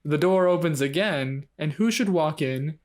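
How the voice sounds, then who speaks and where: A man's voice: a little high, unhurried, a little mellow. A young man co-hosting a rewatch podcast, joking and playfully sarcastic in casual chat. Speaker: podcast co-host.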